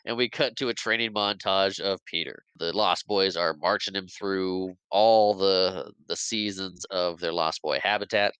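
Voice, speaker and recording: A man's voice: deep voice, measured pace, hardly any pauses, fairly bright tone, clear, resonant tone, no room sound, low-quality recording. A man hosting a podcast, casually recapping a movie scene by scene and acting out the characters' lines with laughs. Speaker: podcast host.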